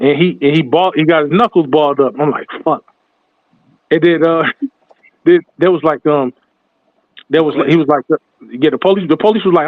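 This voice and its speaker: A man with a high voice tells a story in a lively way and plays the other people's voices. The sound is tinny and dry, like a phone line. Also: moderate pace, long pauses, dry recording. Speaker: podcast host. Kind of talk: casual storytelling.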